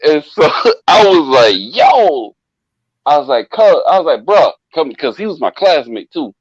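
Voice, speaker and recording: A man's voice: fairly high pitch, a little slow, no room sound. Profane man telling a wild story, lo-fi. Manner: animated, profane, acts out quoted voices. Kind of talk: casual storytelling among friends. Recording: dull lo-fi dry sound.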